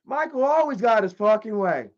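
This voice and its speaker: A man with a very high voice rants on his livestream, cursing freely and tripping over his own words as he tells a story. The audio is dull and lo-fi. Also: lively intonation, normal speed. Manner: profane, rambling storytelling with many restarts. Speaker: livestream host. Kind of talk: casual livestream rant.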